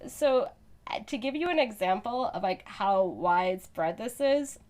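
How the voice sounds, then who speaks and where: A woman hosting a podcast in an easygoing, chatty way. She laughs often and trails through many fillers as she talks, her pitch sitting in an ordinary middle range. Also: lively intonation, a little slow, darkish tone. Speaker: podcast co-host. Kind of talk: casual chat.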